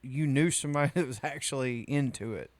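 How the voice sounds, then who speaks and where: A man's voice: mid-range voice, fairly quick, no echo. A man co-hosting a podcast in casual chat, making wry, joking remarks. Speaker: podcast co-host.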